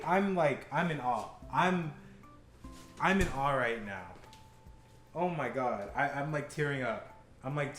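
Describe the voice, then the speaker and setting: A young man hosting a casual home cooking vlog, talking loosely with stumbling restarts and bursts of swearing. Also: medium pitch. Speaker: cooking show host. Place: home kitchen. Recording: roomy kitchen echo, faint background music.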